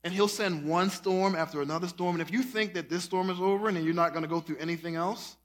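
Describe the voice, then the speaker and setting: A fast-talking pastor with a high voice gives a casual, folksy sermon, addressing the congregation as y'all. His preaching is animated, breaking into song and shouting.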